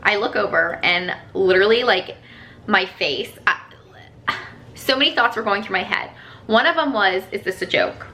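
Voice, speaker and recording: A woman's voice: mid-range voice, normal speed, long pauses, pushed and bright. A woman telling a personal story to her viewers in a casual, rambling vlog, full of "like" fillers. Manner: chatty, rambling, lots of "like" fillers. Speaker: vlogger.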